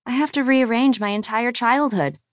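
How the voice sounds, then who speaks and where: A woman's voice: a little high, normal speed, no echo, studio quality, pitched above the performer's own voice, lightly acted. A woman voicing a spirited, stubborn woman who argues emphatically and playfully. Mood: indignant playful. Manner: indignant, emphatic.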